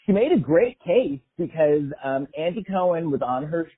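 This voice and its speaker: A man's voice: a little high, expressive, moderate pace, breathy edge. A man from the US West Coast, a podcast guest in casual chat, agreeable and reflective, heard over a tinny phone-like line.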